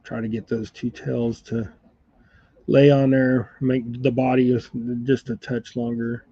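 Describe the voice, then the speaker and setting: A man with a gravelly voice chats casually while tying jigs at his bench indoors, rambling along and laughing often. The recording is dull and lo-fi and completely dry, with no room echo. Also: mid-range voice, little pitch movement, a little slow, mellow. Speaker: fly and jig tier, channel host. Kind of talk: casual tying demonstration chat.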